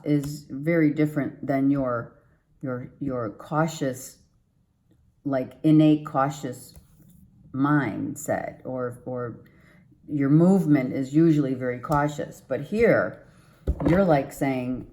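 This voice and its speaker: A woman with an extremely low, dark voice gives a slow, casual tarot reading to her viewers. She rambles and repeats herself while staying upbeat and encouraging.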